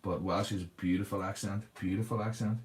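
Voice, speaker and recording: A man's voice: low-pitched, steady tone, fairly quick. A man hosting a casual livestream, chatting and answering viewers' comments while he paints a model.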